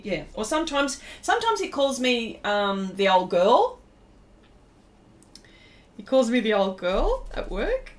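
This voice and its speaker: A middle-aged woman with an Australian accent, chatting casually to her live viewers while she draws, rambling and laughing often. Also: mid-range voice. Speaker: pastel artist streaming live. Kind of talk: casual livestream chat while drawing.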